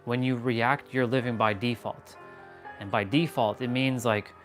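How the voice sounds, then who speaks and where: A man's voice: mid-range voice, fairly even intonation, a little slow, soft background music. A man hosting a casual motivational live stream while walking, blunt and emphatic, swearing freely. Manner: talks while walking on a step count.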